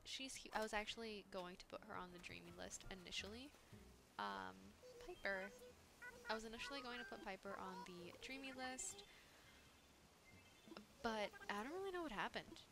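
A woman's voice: mid-range voice, lively intonation, normal speed, creaky, pauses often, background noise. A young woman hosting a gaming channel, chatting casually to viewers with frequent giggles as she plays. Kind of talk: casual gameplay commentary. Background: background game music.

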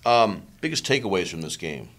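A man's voice: low-pitched, very animated, fairly quick, fairly bright tone. A man hosting a casual sports chat, upbeat and asking his co-host leading questions.

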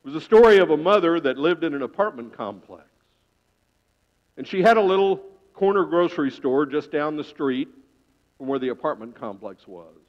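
Preacher with dramatic rises and hushes. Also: male voice, fairly high pitch. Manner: dramatic storytelling, swelling loud then dropping to a hush. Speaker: pastor. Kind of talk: sermon. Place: church sanctuary. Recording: dull reverberant church sound.

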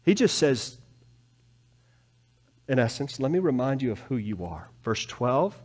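A man preaching a sermon as pastor in a church, animated, swinging from soft, low passages to loud, pleading ones. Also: a little slow, husky. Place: church sanctuary.

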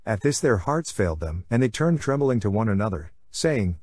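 A man hosting a Catholic podcast, reading the Bible aloud in a measured, steady way. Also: lowish voice, no room sound, clean studio sound.

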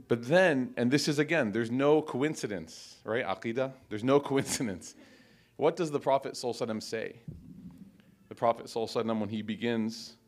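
A man's voice: medium pitch, brisk. A male teacher giving a heartfelt speech at a graduation ceremony, telling stories and reciting Arabic quotations. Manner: storytelling, emotional, quoting Arabic.

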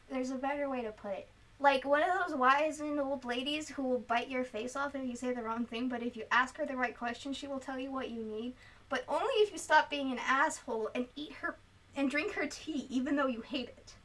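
High bright young woman, rambling chat. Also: recorded from a distance, rough recording. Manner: rambling, giggly, animated storytelling. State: sleep deprived. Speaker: streamer. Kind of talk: casual chat. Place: indoors on a couch at home.

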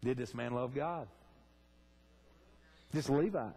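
A man's voice: mid-range voice, slow pace, dark tone, breathy edge. A man preaching a sermon in a church, fervently asking the congregation direct questions. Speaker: pastor. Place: church sanctuary.

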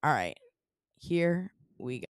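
A woman's voice: sits low, sing-song, slow pace, smooth, dry recording. A woman co-hosting a podcast, chatting casually and playfully, with lots of fillers. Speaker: podcast co-host. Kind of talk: casual chat.

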